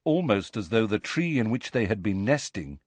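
A man narrating an audiobook in a measured, expressive reading. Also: lowish voice, breathy edge, dry recording. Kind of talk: scripted narration.

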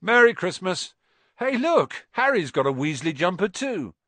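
A boisterous teenage prankster, played by a man reading a storybook. He is loud and cheeky, his voice swinging up and down. Recorded dry and close. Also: a little high, big pitch swings, fast talker, slightly rough, dry recording, pitched above the performer's own voice, exaggerated voice. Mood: teasing.

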